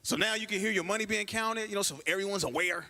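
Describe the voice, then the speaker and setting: At a church comedy night, a man performs a stand-up set in a high voice at a quick pace. He tells stories animatedly and acts out the people he quotes.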